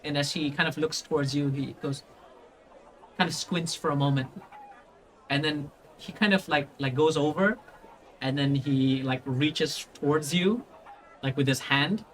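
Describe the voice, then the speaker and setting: A man's voice: a little high, measured pace, fairly bright tone, slight background noise. A man narrating a tabletop game as game master, rambling with many restarts. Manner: rambling, full of fillers and restarts.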